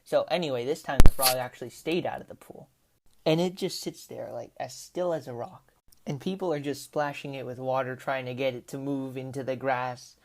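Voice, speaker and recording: A woman's voice: a bass voice, normal speed, darkish tone, a little hiss or hum. A woman telling a rambling, casual story over gameplay as a commentator, with lots of "like" and "right?". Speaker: gaming commentator.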